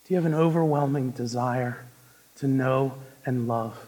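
A young man preaching a sermon, moving between hushed intensity and loud, emphatic delivery. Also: mid-range voice, normal speed, husky. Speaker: pastor. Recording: long reverb of a large hall.

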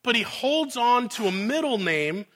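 Male pastor, chatty sermon delivery, high bright voice, keeps asking the room "right?". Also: sing-song, a little slow. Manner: conversational, asks the audience "right?" often, dramatizes the scene.

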